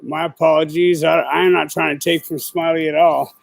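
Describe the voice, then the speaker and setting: A man's voice: on the high side, flat delivery, a little fast, gravelly, no room sound, rough recording. A middle-aged man hosting his own show, talking casually and rambling in profane street slang with lots of fillers. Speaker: podcast host. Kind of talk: casual livestream chat.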